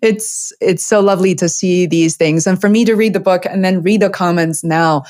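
A woman who learned English as a second language hosting an interview, speaking haltingly with restarts. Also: lowish voice, darkish tone. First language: not English. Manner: halting, many fillers and restarts. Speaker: interview host, documentary filmmaker. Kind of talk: interview host chat.

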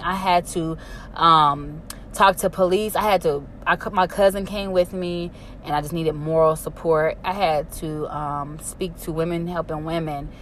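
Young woman talking real blunt and profane, lowish voice, a bit of noise behind. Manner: blunt, profane and emphatic, with many fillers. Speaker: storyteller. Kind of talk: candid personal story.

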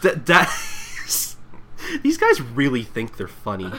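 A man casually recapping a manga chapter with friends, laughing and acting out lines in a high voice. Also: wildly swooping pitch, takes it slowly, sharp tone. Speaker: podcast host.

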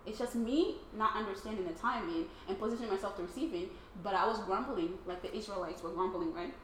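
A woman sharing a personal faith testimony with a small group in a casual, excitable way, often laughing and acting out her own thoughts. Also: medium pitch, fast talker. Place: room with other people, casual group. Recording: roomy, faint background noise.

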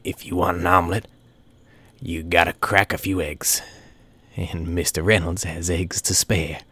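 A man's voice: sits low, fairly even intonation, unhurried, pushed and bright, husky, no echo, heavily acted. A man voicing an ambitious, scheming male rat who rattles off a glib saying.

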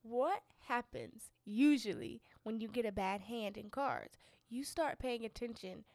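A woman's voice: fairly high pitch, a little slow, darkish tone, no room sound, studio quality. A woman co-hosting a casual chat, chatty and laughing easily. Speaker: podcast co-host.

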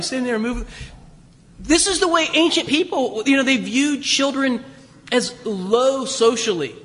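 High, bright-voiced chuckling preacher. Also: male voice, a little slow, in a large hall. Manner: chatty and joking, with frequent restarts and chuckles. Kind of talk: conversational sermon.

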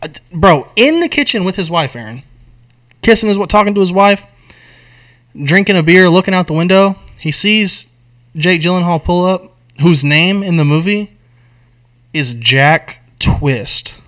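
A young man retelling a movie plot in casual, animated, profane chat with heavy slang. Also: high voice, measured pace. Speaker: podcast co-host.

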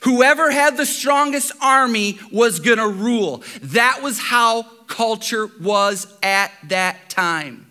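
A male pastor preaching a sermon, animated, with rhetorical questions and repeated phrases. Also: very high voice, slow pace, few pauses.

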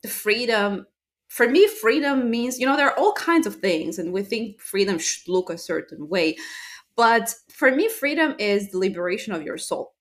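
A woman's voice: medium pitch, animated, normal speed. A woman hosting a motivational podcast, talking earnestly and enthusiastically with fillers and little laughs. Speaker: podcast host. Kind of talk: casual motivational talk.

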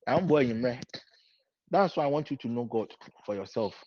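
A man with a mid-range voice and lively intonation preaches at normal speed, weaving Twi into his English. His sermon lines are repeated with growing emphasis. The recording is dull and lo-fi.

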